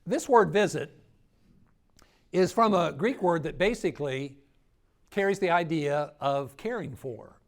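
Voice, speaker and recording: A man's voice: fairly high pitch, animated, a little slow, long pauses. A middle-aged man preaching a sermon at a church grief workshop, teaching with rhetorical questions to his audience. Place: church hall.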